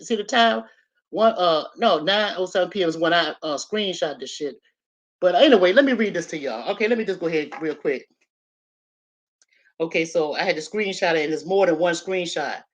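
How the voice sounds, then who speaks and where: An older woman talking straight to camera in a casual vlog. She is blunt, swears freely and rambles from point to point. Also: mid-range voice. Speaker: YouTube commentator.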